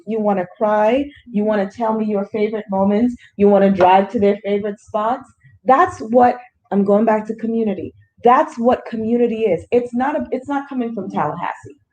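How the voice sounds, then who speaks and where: A woman's voice: on the high side, moderate pace, darkish tone, dull audio. A woman leading a grief support small group, talking earnestly with everyday analogies.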